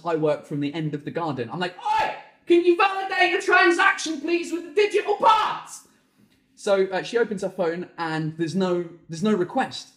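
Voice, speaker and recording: A man hosting a comedy podcast, telling exasperated stories in an animated, swearing comic monologue from his garden home office. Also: a little high. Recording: echoey room.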